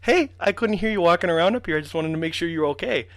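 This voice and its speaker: A young man quoting his frail, hard-of-hearing grandmother in her eighties, raising his voice higher for her. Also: lively intonation, fast, no echo. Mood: concerned. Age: 80s.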